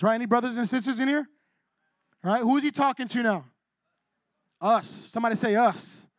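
Man, very high voice, pastor, casual sermon, chatty, teasing, dry sound. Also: fairly bright tone, no echo. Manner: conversational, keeps asking "right?" and teases the congregation.

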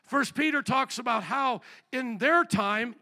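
Bright-voiced, gravelly preaching man. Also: extremely high pitch, a little slow. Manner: energetic preaching, questions and call-and-response with the congregation. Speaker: pastor. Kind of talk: live sermon. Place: church sanctuary.

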